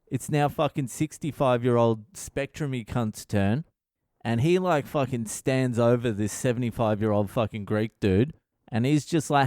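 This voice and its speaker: A man's voice: medium pitch, moderate pace, no room sound, clean studio sound. A middle-aged man, a comedian hosting his podcast, telling a story with lots of swearing and acting out the people in it. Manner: animated, swears constantly, acts out quotes. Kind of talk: casual profane storytelling.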